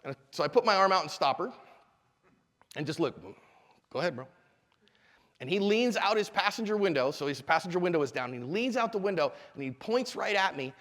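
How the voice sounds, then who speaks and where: A man's voice: high voice, fast talker. A middle-aged man, a self-defense instructor, giving a live seminar talk and telling stories animatedly, acting out the people in them. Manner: animated storyteller, acts out quotes. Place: convention hall. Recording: echoey hall reverb.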